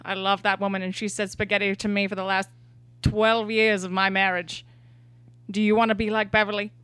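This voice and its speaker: A woman's voice: mid-range voice, flat delivery, a little fast, fairly bright tone, clear, resonant tone, no echo, lightly acted. A woman playing a stern old farm father who lectures his child with dramatic warnings in an improvised comedy scene.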